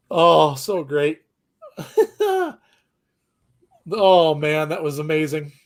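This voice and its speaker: A man co-hosting a live reaction commentary, excitable, laughing often and gushing with exclamations. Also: a little high, drawn-out words, long pauses. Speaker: co-host of a wrestling watchalong.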